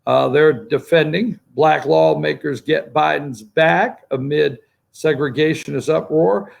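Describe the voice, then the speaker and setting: Gravelly man doing political commentary. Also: on the high side, a little slow. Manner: rambling, addresses his producer while calling up pictures. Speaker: political talk show host. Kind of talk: political commentary on a morning show. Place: studio.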